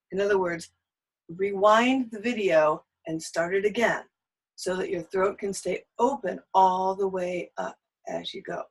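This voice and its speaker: A woman's voice: medium pitch, very animated, a little slow, husky, poor audio. A woman teaching a singing lesson, giving patient step-by-step cues on breathing and an open throat.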